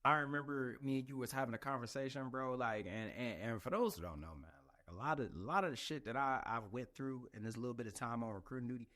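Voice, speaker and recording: Bright-voiced man rambling with fillers. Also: mid-range voice, fast talker, few pauses. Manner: loose, filler-heavy, profane storytelling. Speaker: podcast host, Marine recruiter. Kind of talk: casual podcast chat.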